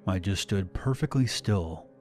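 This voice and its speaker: Faint background music accompanies a man narrating a scripted horror tale. He reads steadily and deliberately in a fairly low voice.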